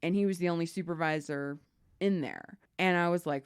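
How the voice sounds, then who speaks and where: A woman's voice: on the low side, brisk, clean tone. A woman co-hosting a podcast, telling a work story in casual chat and swearing freely. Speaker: podcast co-host.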